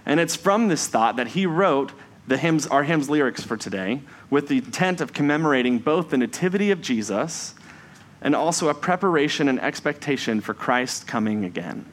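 A man preaching a Sunday sermon in a measured, reflective way, slowing down for emphasis on key phrases. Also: on the high side, expressive.

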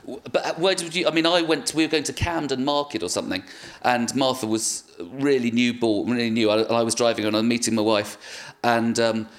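A man's voice: mid-range voice, fairly even intonation, brisk, hardly any pauses. A middle-aged English man, a comedian guest on a live podcast, telling stories in a rambling, self-deprecating way.

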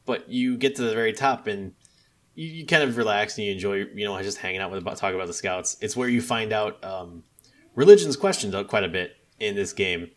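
Man, very low voice, rambling, lots of fillers, casual game talk. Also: expressive, fairly quick, a bit bright. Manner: rambling, filler-heavy storytelling with quoted dialogue. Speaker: podcast co-host discussing a video game. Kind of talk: casual chat.

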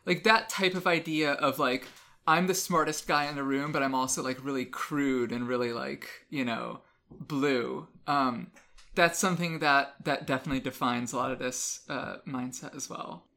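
A woman's voice: a bass voice, steady tone, moderate pace, fairly bright tone. A woman co-hosting a podcast in frank, teasing casual chat. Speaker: podcast co-host.

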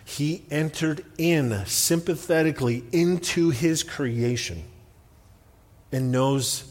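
A man's voice: on the high side, slow pace, in a large hall. A man preaching a sermon in a conversational, self-deprecating storytelling way, speaking in a church sanctuary. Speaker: pastor.

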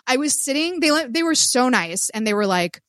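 A woman co-hosting a podcast, telling a story in animated casual chat, cursing freely and acting out what people said. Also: high voice, normal speed, no room sound, clean studio sound. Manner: animated storyteller who swears and acts out quotes. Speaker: podcast co-host.

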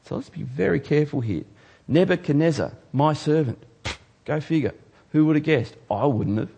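A man preaching a sermon as pastor, swinging from loud emphasis to hushed, earnest asides. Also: on the high side, lively intonation, a little fast, gravelly, breathy edge.

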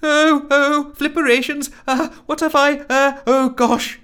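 A man's voice: extremely high pitch, expressive, takes it slowly, fairly bright tone, voice pushed up, exaggerated voice. A man voicing a flustered, bumbling woman office worker who stammers and gushes apologies in a storybook reading. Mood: apologetic. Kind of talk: audiobook character voice.

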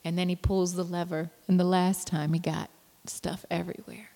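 A woman's voice: fairly low pitch, flat delivery, moderate pace, warm tone. A tired woman in her thirties talks casually to her viewers as a mother. She rambles, laughs easily and sometimes drops to a whisper. Her voice carries a long room reverb. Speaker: mother vlogging. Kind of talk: casual chat to camera.

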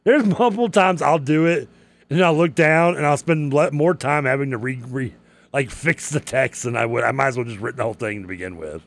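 A man's voice: mid-range voice, a little fast. A man with a Southern accent and a slight lisp, co-hosting a sports radio show, laughing often and tripping over words. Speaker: radio co-host. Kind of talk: casual sports radio banter. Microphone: headset.

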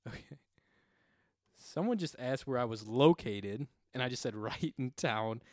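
A man's voice: medium pitch, animated, unhurried, no echo, clean studio sound. A young man co-hosting a casual podcast, swearing freely and acting out quoted voices as he tells stories. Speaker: podcast co-host.

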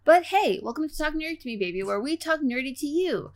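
A woman's voice: high-pitched, expressive, fast talker, hardly any pauses. A woman co-hosting a podcast, chatting casually with teasing, giggly banter. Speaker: podcast co-host. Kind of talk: casual chat.

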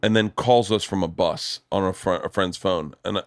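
A middle-aged man hosting a podcast, telling stories in casual chat with animated, profane energy. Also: low-pitched, normal speed, no room sound, clean studio sound. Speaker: podcast host.

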